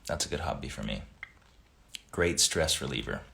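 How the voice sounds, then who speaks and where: A man hosting a casual livestream, reading viewer comments aloud and chatting back in a relaxed, friendly way. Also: rumbling low, normal speed, vocal fry. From Italian family background.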